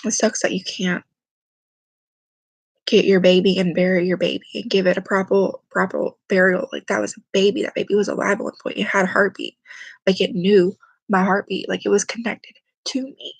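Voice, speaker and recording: A young woman vlogs a personal story to camera, her speech quiet and halting as she tries not to cry. Her mid-range voice is slightly rough with vocal fry and little change in pitch, recorded dry and close with no echo.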